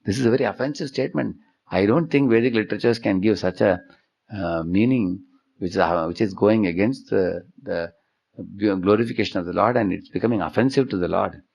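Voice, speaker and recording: A man's voice: fairly low pitch, brisk, gravelly, darkish tone. A man voicing an earnest, pious young boy disciple, speaking in a pleading, reverent way. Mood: grieved. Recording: dull lo-fi sound.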